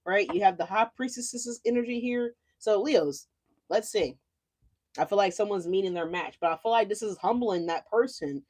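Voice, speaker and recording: A woman doing a casual tarot reading for her channel, talking loose and salty with frequent "right?" check-ins. Her voice sits at an ordinary middle pitch for a woman. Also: warm tone. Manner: chatty, profane, rhetorical "right?" asides. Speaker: tarot reader.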